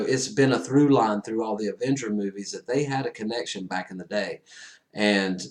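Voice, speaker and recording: Excitable man gushing in a casual review. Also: medium pitch. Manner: excitable, swings from loud enthusiasm to hushed retelling; casual slang, says friggin' a lot. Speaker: movie reviewer.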